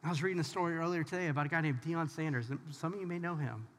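Male pastor, higher-pitched voice, informal and emphatic sermon, long hall reverb. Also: racing. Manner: talks straight to the audience, informal and emphatic. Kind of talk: conversational sermon.

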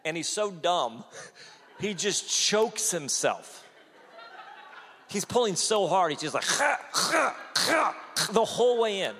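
Male pastor in his 40s, animated storytelling sermon, slightly high voice, long church reverb. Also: slow, pauses often, husky. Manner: animated storytelling, acts out quotes.

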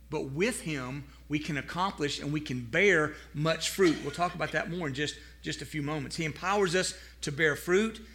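High-voiced bright earnest male preacher. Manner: earnest, stumbles and repeats words, slows down for scripture; asks the congregation to respond aloud. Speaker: pastor. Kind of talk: sermon to a live congregation.

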